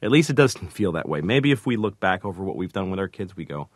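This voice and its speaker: A very low-voiced man tells stories in an interview, halting and self-deprecating. He acts out the quotes as he goes. The sound is dry and close. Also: sing-song, dry recording. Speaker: comedian and sitcom creator. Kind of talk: interview storytelling.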